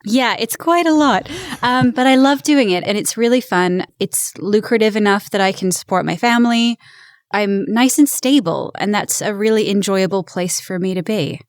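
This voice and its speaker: A woman's voice: mid-range voice, normal speed, no echo. English-born woman with an American accent, dry sound. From England. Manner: upbeat, laughs easily, chatty. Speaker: guest voice actor. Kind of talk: casual interview chat.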